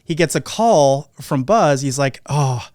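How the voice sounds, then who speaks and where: A podcast host whose voice sits on the high side takes his time telling a casual anecdote. He brings it to life by acting out the quotes. The audio is dry and cleanly recorded in a studio.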